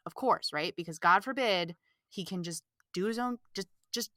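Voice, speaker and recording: A woman hosting a podcast, recapping a movie in casual, animated, exasperated chat full of "like". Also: fairly low pitch, a little slow, no room sound, clean studio sound. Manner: animated, exasperated, fills talk with "like". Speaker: podcast host.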